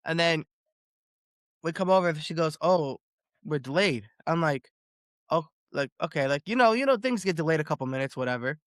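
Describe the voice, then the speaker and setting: Man, podcast host, slightly high voice, excitable storytelling, dry close sound. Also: fairly quick, no room sound. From Boston area. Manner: animated storytelling, swears freely, repeats words. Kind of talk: casual podcast chat.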